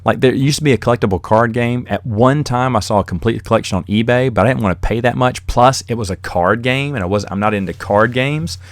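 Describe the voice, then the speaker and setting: A man's voice: medium pitch, fairly quick, hardly any pauses, no room sound, studio quality. A man hosting a podcast on his own, telling rambling stories in a casual monologue and chuckling as he goes. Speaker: podcast host.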